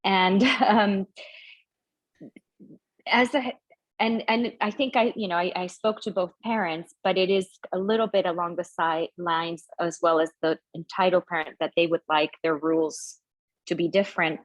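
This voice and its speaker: Woman school head, lowish voice, halting and concerned, video call. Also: steady tone, poor audio. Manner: hesitant, many restarts, concerned. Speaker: head of school asking a question. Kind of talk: describing a problem to a consultant.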